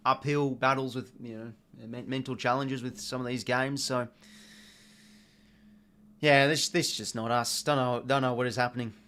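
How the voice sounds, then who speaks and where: An Australian man hosts a live football watch-along in a loose, rambling chat. He sounds fed up, swears casually and keeps stopping to thank viewers for their donations. His voice sits at an ordinary middle pitch for a man. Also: level tone, normal speed, bright, forceful tone.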